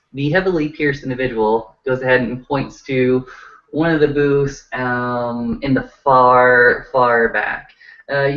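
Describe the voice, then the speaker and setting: A man's voice: mid-range voice, a bit bright, far from the mic. A man running a tabletop role-playing game as game master, narrating in a loose way full of fillers. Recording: dull lo-fi audio.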